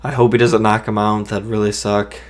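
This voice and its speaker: A man's voice: lowish voice, little pitch movement, a little fast. A man talking casually to his viewers, giving a boxing prediction in a rambling way and correcting himself often. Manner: rambling, self-correcting, hedging opinions. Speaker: boxing commentator.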